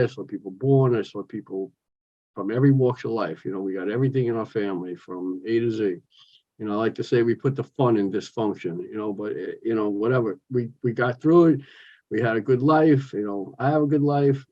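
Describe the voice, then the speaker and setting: A man's voice: mid-range voice, mellow, muffled recording. A man, sharing his story at a recovery meeting in an outspoken, joking, chatty way. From New York. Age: 60s. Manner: outspoken, jokey, talks with his hands of stories and asides. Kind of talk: personal share at a recovery meeting. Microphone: phone.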